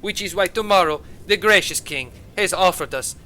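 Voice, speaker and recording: A man voicing a defensive, boastful male healer merchant who speaks halting broken English and opens lines with "eh.". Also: high-pitched, sharp tone, slight background noise, poor audio. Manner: broken English with hesitant "eh" openings.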